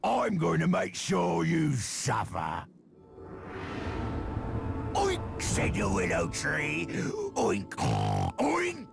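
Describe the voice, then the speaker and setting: An actor playing a savage orc captain with a gravelly snarl, heard as game audio over loud music. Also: male voice, a little high, wildly swooping pitch, drawn-out words, pauses often, exaggerated voice. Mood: menacing.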